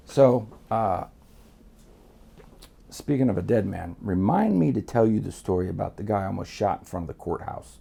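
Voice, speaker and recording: A man's voice: lowish voice, animated, moderate pace, vocal fry, mellow, husky. A man from Miami telling stories in a blunt, profane, rambling way. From Miami, USA. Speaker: guest storyteller. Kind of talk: candid storytelling.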